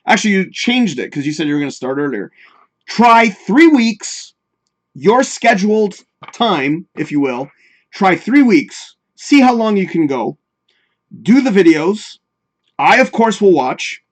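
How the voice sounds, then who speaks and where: A man's voice: high voice, very animated, moderate pace. A man hosting a live talk show in casual, rambling chat, swearing freely and talking straight to his viewers.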